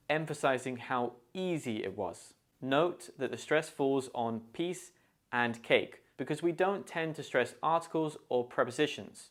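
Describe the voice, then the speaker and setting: A man's voice: mid-range voice, expressive. A man with a British accent presenting a scripted English lesson, carefully sounding out phrases to show their stress and pronunciation. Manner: slow, deliberate modelling of pronunciation. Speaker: English teacher.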